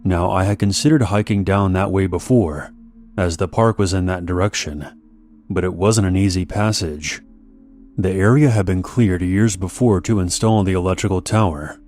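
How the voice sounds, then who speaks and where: A man with a very low voice narrating a scripted horror story. He reads in a measured, steady way, letting each line land.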